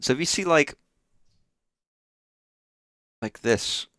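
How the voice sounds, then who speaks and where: A man's voice: fairly high pitch, lively intonation, takes it slowly, a bit bright, dry recording, clean studio sound. A man streaming a game live, chatting casually in a rambling way, swearing often and full of fillers. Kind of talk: casual live gameplay chat.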